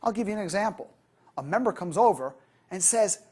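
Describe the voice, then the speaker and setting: A woman giving a training lecture on customer service, lively and acting out the customers she quotes. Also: mid-range voice, a little fast, slightly rough.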